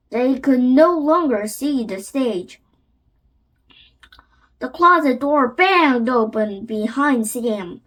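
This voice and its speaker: A high, slightly bright-voiced woman whose first language is Korean reads a children's chapter book slowly for her channel. She reads carefully and haltingly, restarting frequently.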